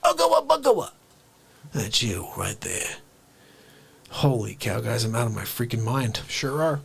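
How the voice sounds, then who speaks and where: Gravelly, excitable livestream host man. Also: lowish voice. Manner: rapid, excitable, reacting to chat. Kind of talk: casual livestream chat.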